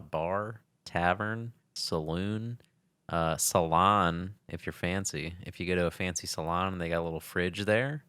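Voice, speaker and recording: A man's voice: low voice, a bit bright, clear, resonant tone, dry recording. A young adult man co-hosting a podcast, chatting casually with a dry joking manner and reading a sponsor spot offhandedly. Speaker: podcast co-host. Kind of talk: casual chat.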